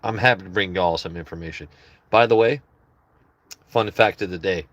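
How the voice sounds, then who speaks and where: A man's voice: low-pitched, moderate pace, fairly bright tone, lo-fi sound. A man hosting a casual livestream, rambling and joking with his chat in loose asides. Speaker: livestream host.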